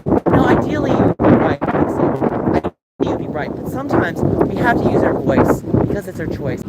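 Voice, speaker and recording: Fiery high-voiced man ranting outdoors. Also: sing-song, a little fast. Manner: passionate, ranting, addresses chat by name. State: sore throat, coughing. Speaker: livestreamer. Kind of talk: walking livestream monologue. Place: outdoors on city streets, walking. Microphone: handheld game console mic. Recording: loud wind noise on a handheld device.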